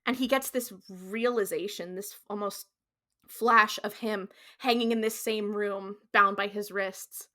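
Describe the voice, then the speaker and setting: Bright-voiced woman recapping a TV episode. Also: medium pitch, unhurried. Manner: animated storyteller, slips into quoted character voices; frequent "like" fillers, casual swearing. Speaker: podcast co-host. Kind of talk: casual podcast episode recap.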